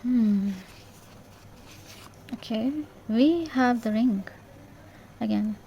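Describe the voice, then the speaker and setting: A woman giving an intuitive tarot reading in a gentle, reassuring way, repeating herself and checking in with "yeah?". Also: fairly high pitch, extremely slow, lo-fi sound, a little hiss or hum. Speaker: tarot reader.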